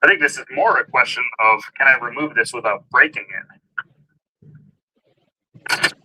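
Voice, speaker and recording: A man explains a hands-on car project step by step, plain and upbeat. His voice is sharp and very bright, with a husky, raspy edge, and he keeps an easy, casual how-to manner. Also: mid-range voice, normal speed, rough recording. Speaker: DIY car vlogger.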